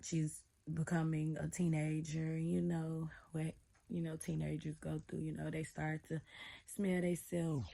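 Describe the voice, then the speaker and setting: A young woman with a low, deep-set voice tells a casual story time straight to her viewers. She is a little out of breath and rambles with hesitant pauses. Every so often she bursts into loud, emphatic stretches. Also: fairly even intonation, creaky, slight background noise. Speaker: vlogger.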